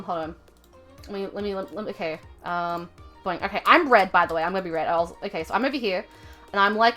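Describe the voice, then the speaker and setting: A young woman livestreaming from home, telling a rambling story full of fillers and self-corrections in a chatty, expressive way. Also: mid-range voice, fast, faint music behind. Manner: chatty and expressive, laughing at her own story. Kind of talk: casual livestream chat.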